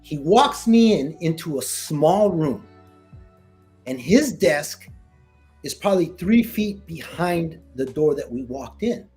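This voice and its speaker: A Marine veteran telling a story in a casual interview, slangy and animated, acting out what people said to him. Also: male voice, on the high side, slow, faint music behind. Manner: animated retelling, slangy, acts out quoted dialogue.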